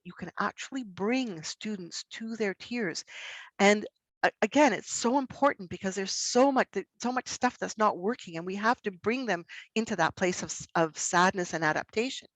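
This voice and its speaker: A middle-aged woman presenting a workshop for educators in an expressive way, acting out examples in her voice. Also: medium pitch, moderate pace, dry recording, rough recording. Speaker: workshop presenter on student behaviour. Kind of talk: educational webinar talk.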